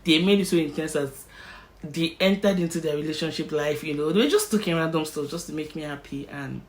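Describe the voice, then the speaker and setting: A woman's voice: low voice, brisk, poor audio. A young Nigerian woman vlogger vividly telling a personal story and acting out its scenes. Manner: animated, vivid storyteller who acts out scenes. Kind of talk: emotional story-time narration.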